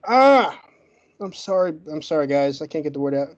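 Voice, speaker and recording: A man's voice: on the high side, steady tone, warm tone, highs cut off. Man with a stutter making his case. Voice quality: stutters, gets stuck on words. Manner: argumentative, lays out points in rapid lists. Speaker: debate guest. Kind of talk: podcast debate closing argument.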